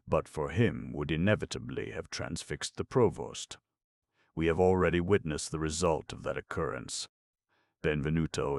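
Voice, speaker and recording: An audiobook narrator with a very deep, gravelly male voice delivers scripted narration. The recording is dry, with clean studio sound.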